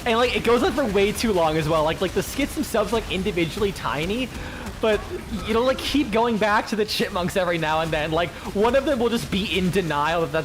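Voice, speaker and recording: A man's voice: high-pitched, a little hiss or hum. A man chatting casually with his stream viewers, rambling, full of fillers and swearing freely.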